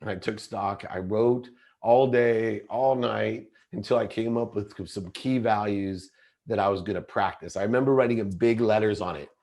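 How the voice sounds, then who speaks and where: A man's voice: lowish voice, normal speed, a little mellow. A middle-aged man, a podcast guest, telling a personal story in an earnest, intense way and often restarting mid-sentence. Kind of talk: confessional storytelling in an interview.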